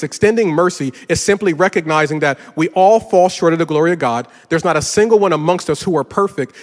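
A middle-aged man, a pastor, preaching a sermon and telling a story with lively, rising energy. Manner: animated, gets louder and higher telling a story. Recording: reverberant hall.

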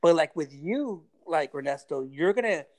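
A man's voice: fairly high pitch, lively intonation, normal speed. Blunt, profane man giving advice. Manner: blunt, profane, emphatic pep talk. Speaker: podcast guest giving advice. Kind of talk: casual podcast chat.

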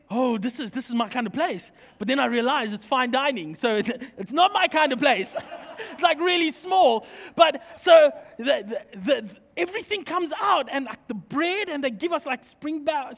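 A man's voice: very high voice, creaky. A man preaching a sermon, leading a prayer and telling funny personal stories to the congregation. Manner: leads prayer, then tells lively anecdotes to the congregation. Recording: long hall reverb.

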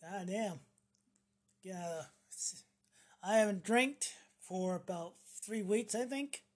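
A woman's voice: mid-range voice, slow pace, slightly rough. A woman delivering a profane, sarcastic ranting monologue to camera, mocking the people she talks about. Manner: sarcastic, acts out mocking voices; swears freely. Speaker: vlogger.

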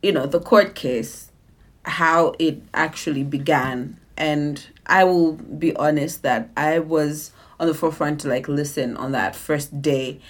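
A woman's voice: deep voice, unhurried. Candid woman sharing views on a podcast. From Malawi. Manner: candid, storytelling, lightly laughing. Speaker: podcast guest. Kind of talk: casual podcast chat. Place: music studio lounge.

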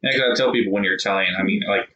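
Man from rural texas, bright forceful voice, rambling chat, echoey dull-sounding room. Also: lowish voice, racing. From rural Texas, USA. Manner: rambling, storytelling, frequent "right?" tag questions. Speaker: co-host talking with his wife. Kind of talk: casual chat.

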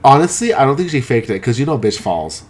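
A woman's voice: very deep voice, very animated, quick pace, husky. A woman co-hosting a podcast in casual, playful chat, swearing freely. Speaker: podcast co-host.

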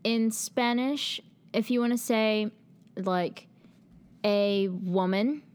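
A young woman talks in a relaxed podcast chat, chatty and giggly. She leans on "like" a lot as she explains things. Her pitch sits in the everyday middle. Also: slow, smooth. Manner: chatty, giggly, says "like" often. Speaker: podcast guest presenting a film. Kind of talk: casual chat.

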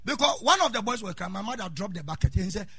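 Loud, sing-song Ghanaian preacher, man. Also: sits high, expressive, fast, husky, no room sound. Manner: preaching with call and response, sing-song shouting, storytelling. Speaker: pastor. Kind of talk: sermon.

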